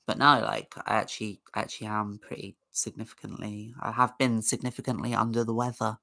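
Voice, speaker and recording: A woman's voice: very deep voice, bright, forceful tone. A woman hosting a casual livestream, chatting in a rambling way and greeting viewers in the chat. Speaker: livestream host.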